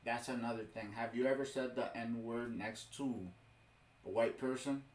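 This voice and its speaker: A man's voice: mid-range voice, fairly even intonation, moderate pace. Heated man ranting in a roomy echo. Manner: heated, exasperated, keeps saying "bro". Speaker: reaction video host. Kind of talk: ranting commentary over a clip.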